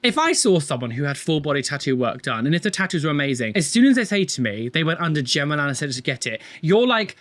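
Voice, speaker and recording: A man's voice: fairly high pitch, very animated, fast talker, hardly any pauses, fairly bright tone. A man, a tattoo artist, giving exasperated, rambling reaction commentary full of fillers.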